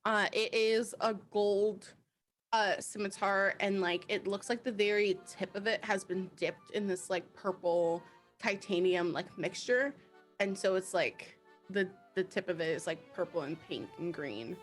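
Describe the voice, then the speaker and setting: A woman's voice: mid-range voice, unhurried, soft background music. A woman playing a tabletop game, describing her character casually with lots of fillers. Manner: rambling with many fillers. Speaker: player.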